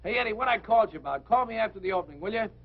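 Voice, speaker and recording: A man's voice: sits high, lively intonation, very fast. An actor playing a brash, slangy man, talking on the telephone in an old film. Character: brash American man on a phone call. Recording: muffled old telephone sound.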